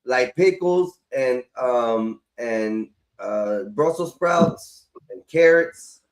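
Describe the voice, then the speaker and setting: A man hosts a relaxed call-in chat with a mid-range voice. He teases his callers in a dry, matter-of-fact way and addresses the audience now and then. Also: medium pitch, extremely slow, crowd noise.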